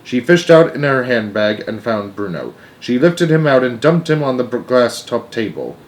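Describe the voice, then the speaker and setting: A male storyteller reading a children's classic aloud. His voice sits at an ordinary middle pitch, and he keeps the narration measured and even. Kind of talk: children's book read aloud.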